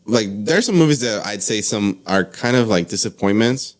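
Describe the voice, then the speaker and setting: A man's voice: on the low side, animated, moderate pace. A man co-hosting a podcast in casual chat, hesitant, often repeating words and saying "like". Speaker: podcast co-host.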